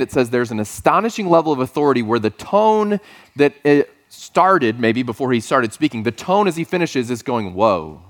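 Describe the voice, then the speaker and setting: Man preaching in a casual storytelling way. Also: mid-range voice. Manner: conversational, storytelling with playful asides. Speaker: pastor. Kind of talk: sermon.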